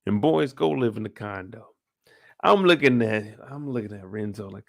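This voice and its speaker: Man for a casual show recap: gravelly, animated delivery, salty, lots of rhetorical questions. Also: lowish voice, normal speed, no echo, clean studio sound.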